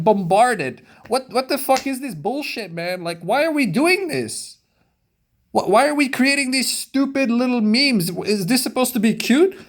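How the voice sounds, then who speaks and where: A man ranting through a movie review vlog, exasperated and swearing often. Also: high-pitched.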